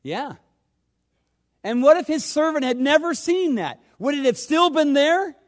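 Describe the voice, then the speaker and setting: A male pastor preaching a sermon, swinging between loud urgent questions and hushed, low asides. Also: lively intonation, unhurried.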